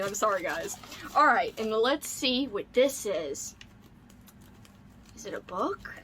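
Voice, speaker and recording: A woman's voice: on the high side, animated, moderate pace, a bit bright, slight background noise. A young woman book vlogger unboxing mail in casual chat, gushing and squealing with delight, saying "like" and "oh my god" often.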